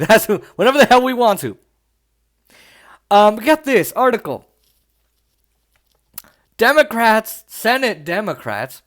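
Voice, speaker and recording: Brief: male political vlogger, high-pitched, sarcastic and mocking, casual solo talk. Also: very animated, slow pace, long pauses, fairly bright tone. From Las Vegas, Nevada. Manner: sarcastic, laughs often, mocking. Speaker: political commentary host.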